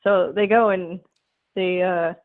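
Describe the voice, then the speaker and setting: A woman's voice: on the low side, fairly even intonation, takes it slowly. A woman calling in to a comedy show, rambling through a retold fable with lots of fillers and casual swearing. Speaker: caller. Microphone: telephone. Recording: tinny phone line.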